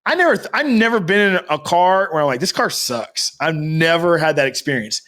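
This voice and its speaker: A man's voice: on the high side, lively intonation, fairly quick, fairly bright tone. A man co-hosting a podcast, rambling through a casual story with loose swearing. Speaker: podcast co-host. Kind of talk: casual chat.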